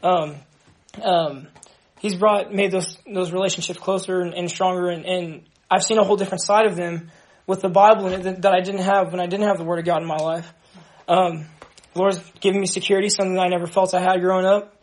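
A young man from Dallas with a high voice shares his personal testimony with a group. He speaks earnestly and haltingly, often restarting his sentences. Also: steady tone. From Dallas, Texas. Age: young adult. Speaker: ministry member giving testimony.

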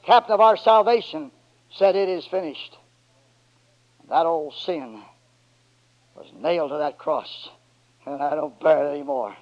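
High-voiced preacher swinging to shouts. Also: male voice. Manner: swings from low and quiet to loud shouted climaxes; drawn-out emphatic words in call and response. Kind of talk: sermon. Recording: dull lo-fi church recording.

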